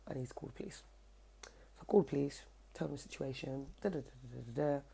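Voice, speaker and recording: A young woman, telling a story to camera in a casual, cheeky, animated way, swearing freely, at home. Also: rumbling low, gravelly, husky. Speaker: vlogger. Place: at home, indoors by her kitchen window.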